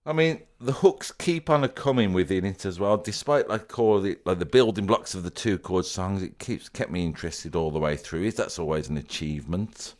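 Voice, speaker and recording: A man co-hosting a casual pop music podcast, animated, laughing often and singing snatches of songs. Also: low-pitched, normal speed, few pauses. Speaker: podcast co-host.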